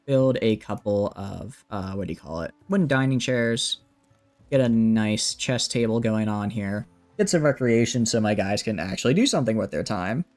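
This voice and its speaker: Lively chatty male game streamer. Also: fairly low pitch, moderate pace, faint music behind. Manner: chatty, thinks aloud, greets chat. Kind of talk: casual gameplay commentary.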